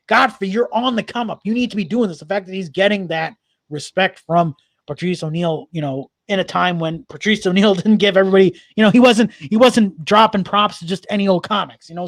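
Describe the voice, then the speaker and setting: A man's voice: sits high, dry recording. A man, a guest comedian, chatting in an interview with enthusiastic, rambling talk full of restarts. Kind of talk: casual interview chat.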